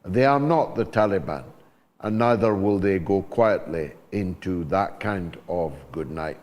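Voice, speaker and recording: A man's voice: low voice, animated, unhurried, a little mellow, in a large hall. Emphatic older man hosting a talk show. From Scotland. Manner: emphatic, oratorical delivery. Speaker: show host. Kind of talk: talk show monologue and links.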